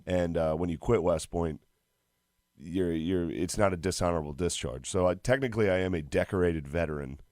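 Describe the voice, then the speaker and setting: A man in his thirties chatting as a comedian guest, with a very low, deep voice. He is laid-back and chuckly, piling up easy "yeahs" between stories. The recording is dry and close. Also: a little fast, a little mellow, no room sound. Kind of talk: casual podcast chat.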